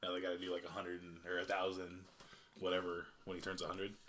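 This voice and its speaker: A man co-hosting a podcast in casual, laughing banter. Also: low voice. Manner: animated, fast, laughing banter. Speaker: podcast co-host. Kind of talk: casual chat.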